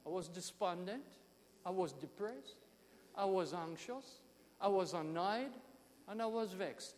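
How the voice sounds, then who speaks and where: A man with a Jamaican accent, a pastor telling a story in an animated sermon with emphatic swings in loudness. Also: sits high, a little slow, in a large hall, a little hiss or hum.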